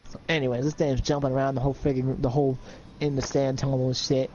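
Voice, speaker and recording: A man's voice: medium pitch, level tone, quick pace, dark tone, muffled recording, a little hiss or hum. A man improvising an adventure story for a friend in casual voice chat, rambling with lots of fillers and checking in with the listener.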